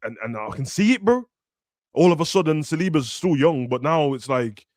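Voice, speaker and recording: Young male football podcast host, animated slang, dry close sound. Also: fairly high pitch, normal speed, no echo. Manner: animated, slangy, acts out players in raised voices. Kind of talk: casual football chat.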